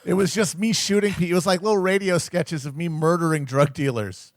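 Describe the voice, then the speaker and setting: A man's voice: fairly high pitch, a little fast. A man co-hosting a podcast, telling stories in a wry, casual way with frequent restarts. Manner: wry, storytelling, stammering restarts. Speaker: podcast co-host.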